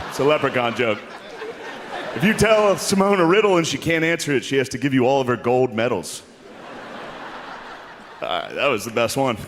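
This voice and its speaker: A stand-up comedian with a mid-pitched male voice delivers crude, deadpan jokes and keeps breaking into laughter. He works a stage mic in a big hall where his words ring out with a long echo. A loud crowd laughs over a steady hum of noise. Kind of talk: stand-up set before a live audience. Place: large hall with a live audience.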